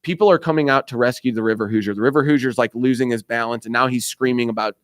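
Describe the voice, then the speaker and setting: A man's voice: mid-range voice, quick pace, dry recording. A man with an Indiana accent telling a long story on a radio show, acting out other people's lines and laughing often. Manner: animated storyteller, acts out voices, laughs often. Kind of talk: casual storytelling chat.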